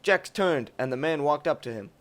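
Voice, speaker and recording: A young adult man narrating a crude comic story in a lively, profane, rambling way. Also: a little high, moderate pace.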